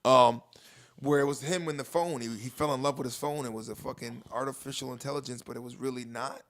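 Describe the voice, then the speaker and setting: A man's voice: medium pitch, fairly even intonation, fast talker, a bit bright, a little hiss or hum. A middle-aged man co-hosting a podcast in casual chat, loose and profane, laughing often. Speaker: podcast co-host.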